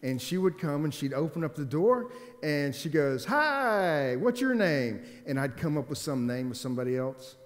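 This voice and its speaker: A man in his forties, a pastor preaching a sermon in a church, telling stories and swinging between loud emphatic stretches and quiet, subdued ones. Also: mid-range voice, a little fast. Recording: long hall reverb.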